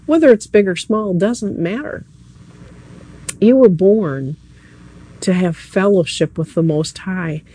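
Earnest, mellow-voiced preacher at an evening service. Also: medium pitch, lively intonation, slow pace, pauses often, slightly rough. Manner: earnest, conversational, addresses listeners directly. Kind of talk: sermon.

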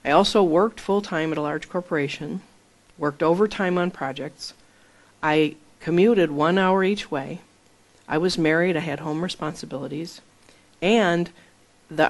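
Female pastor, earnest storytelling sermon delivery. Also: low-pitched.

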